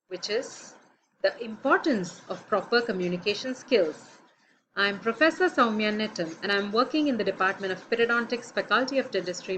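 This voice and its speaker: A woman lecturing in dentistry, speaking with clear, deliberate teaching delivery. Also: medium pitch, highs cut off, a little hiss or hum. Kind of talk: recorded lecture presentation.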